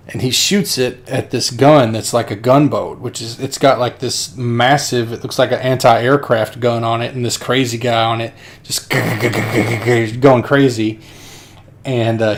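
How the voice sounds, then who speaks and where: A man co-hosts a film podcast, walking through a movie scene in a chatty, storytelling way. He laughs often as he goes, and his voice sits at an ordinary middle pitch. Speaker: podcast co-host. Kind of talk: casual film discussion.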